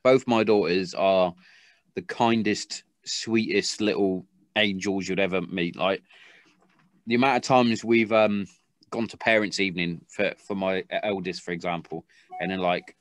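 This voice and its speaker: A man's voice: lowish voice, fairly even intonation, a little slow, no room sound. A man in his thirties hosting a casual podcast chat, talking frankly with loose swearing and many restarts. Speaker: podcast host. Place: garden shed.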